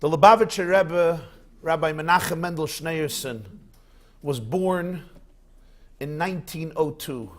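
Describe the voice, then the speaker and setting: Expressive male rabbi lecturing. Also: fairly high pitch, a little slow. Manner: expressive storyteller. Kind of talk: lecture with anecdotes.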